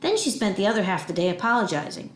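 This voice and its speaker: A patient, understanding mother talking things through calmly, as a woman reader voices her. Her voice stays near the reader's own mid pitch. It rings in an echoey room. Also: quick pace. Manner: calm, explaining.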